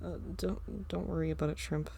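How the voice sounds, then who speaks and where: A woman's voice: fairly low pitch, steady tone, brisk, creaky, mellow, slightly rough. A woman voicing an anxious teenage older brother who mumbles nervously.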